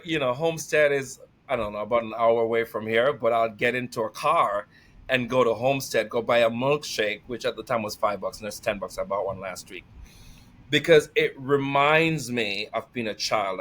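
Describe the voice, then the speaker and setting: A middle-aged man talking casually as a podcast guest, energetic and emotional, laughing often and near tears. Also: mid-range voice. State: tearful. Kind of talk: casual conversation.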